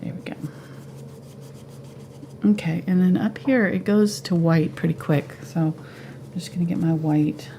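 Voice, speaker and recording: A woman giving a live painting tutorial at home, relaxed and thinking aloud as she paints. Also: lowish voice, unhurried, slight background noise. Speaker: painting instructor.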